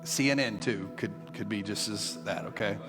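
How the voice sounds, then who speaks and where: A middle-aged man preaching a sermon as pastor, animated and joking with playful asides to his congregation. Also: on the low side, moderate pace, long reverb tail, over music. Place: church sanctuary.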